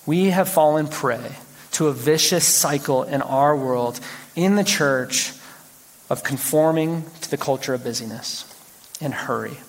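A man preaching a sermon as pastor, telling stories with animated, rising exclamations. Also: mid-range voice. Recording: long hall reverb.

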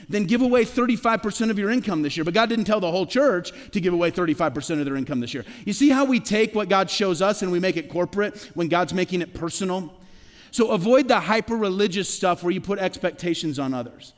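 A middle-aged man preaching a sermon as pastor, talking conversationally with rhetorical questions and quick stammered restarts. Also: high-pitched, expressive. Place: church sanctuary. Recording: long reverb of a large hall.

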